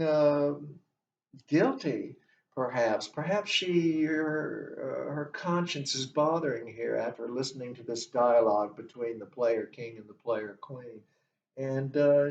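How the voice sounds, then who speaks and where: A man's voice: medium pitch, a little mellow. Distant roomy male instructor lecturing. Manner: deliberate, explanatory, walks through the text line by line. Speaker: literature instructor. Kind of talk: recorded literature lecture. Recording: dull, distant, roomy recording.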